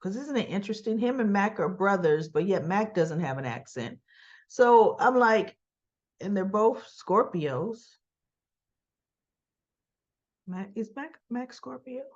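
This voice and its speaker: A woman recaps a soap opera episode in an unhurried, chatty way. She slips in and out of the characters' lines and stops to correct herself. Her voice sits a little high and comes through a dull, lo-fi recording. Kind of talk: casual retelling of a TV episode.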